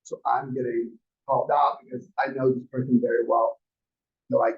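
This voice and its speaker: A man's voice: medium pitch, fairly even intonation, fairly quick, slightly rough. A man in his forties teaching a class, rambling through personal anecdotes and acting out quotes in a dull lo-fi recording. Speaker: real estate class instructor. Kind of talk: casual storytelling lecture.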